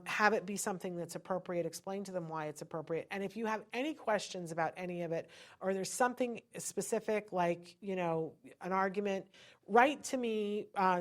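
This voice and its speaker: A middle-aged woman hosting a live-stream podcast, chatting with viewers in an encouraging way. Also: mid-range voice. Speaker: podcast host.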